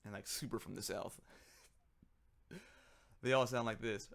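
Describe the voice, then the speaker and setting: A man's voice: fairly low pitch, unhurried, vocal fry, long pauses, fairly bright tone. A man talking casually on a livestream as he works, rambling, joking and muttering to himself. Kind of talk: casual livestream chat while working.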